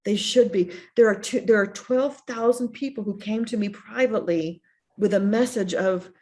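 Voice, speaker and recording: A middle-aged woman speaks earnestly as a guest about losing her son. Her voice sits at an ordinary middle pitch, and she circles back and repeats phrases as she recounts messages people sent her. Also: normal speed, dark tone. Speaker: guest, bereaved mother. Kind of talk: emotional personal storytelling.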